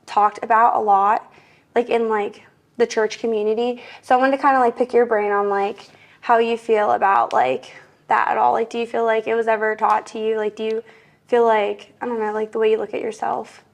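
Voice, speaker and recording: A woman's voice: fairly high pitch, flat delivery, normal speed, creaky. Woman, young adult, podcast host, out of breath, chatty, filler-heavy casual talk. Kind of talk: casual chat while working out.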